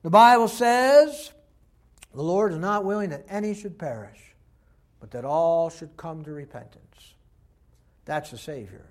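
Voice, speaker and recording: A man preaching a sermon with passion, moving between loud emphatic lines and hushed, heartfelt ones. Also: fairly high pitch, animated, measured pace, long pauses. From Texas.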